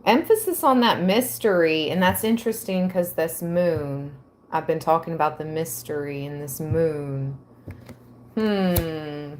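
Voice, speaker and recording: A woman giving a tarot reading to her viewers, reading aloud and musing with soft exclamations. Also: sits low, unhurried, a little hiss or hum. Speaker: tarot reader.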